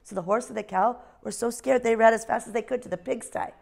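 Kindergarten teacher lady, slow sing-songy, a bit of vocal fry, reading a picture book out loud. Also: on the high side. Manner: slow, sing-song, clear for small children. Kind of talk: phonics lesson and read-aloud.

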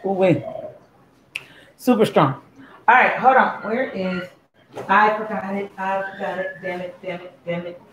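A woman hosting a cooking live stream from a home kitchen, joking freely as she works. She greets viewers by name in an easy mid-pitched voice, with a faint hum of noise behind her. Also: a little slow, long pauses. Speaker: cooking show host. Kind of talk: casual live-stream chat while mixing a drink.

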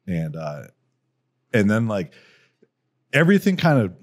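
A man's voice: on the low side, measured pace. A man co-hosting a podcast, telling a story in casual chat and acting out the quotes. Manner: lively storyteller, acts out quotes. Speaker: podcast co-host.

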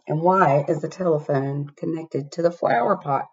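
A woman reading a picture book aloud to children in an animated way, inviting them to spot things, recorded on a laptop webcam. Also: sits low, normal speed, slightly rough, highs cut off. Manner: animated, asks the listener to find things. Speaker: storybook reader.

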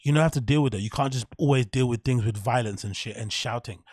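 A man's voice: medium pitch, quick pace, a little mellow. Blunt, profane male podcast host. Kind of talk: casual commentary on a clip.

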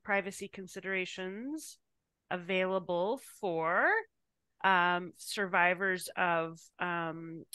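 A woman moderating a meeting, reading attendees' questions aloud in a halting way. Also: lowish voice, bright, forceful tone, clean tone, dry recording.

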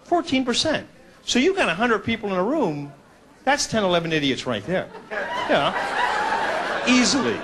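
A man's voice: sits high, big pitch swings, normal speed, long pauses, a bit bright. A man doing a stand-up comedy routine on a club stage, self-mocking and acting out little characters, with the audience laughing.

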